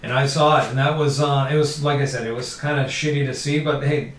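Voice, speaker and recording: A man's voice: medium pitch, fairly even intonation, brisk. A man chatting casually and profanely, telling a story and acting out the people in it. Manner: loose, profane storytelling with acted-out quotes. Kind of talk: casual chat. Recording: roomy, slightly distant mic with faint background noise.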